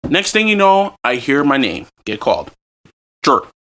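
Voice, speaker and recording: A man co-hosting a casual podcast, telling a story among friends with heavy profanity, frequent laughter and animated ranting. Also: medium pitch, normal speed. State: tipsy.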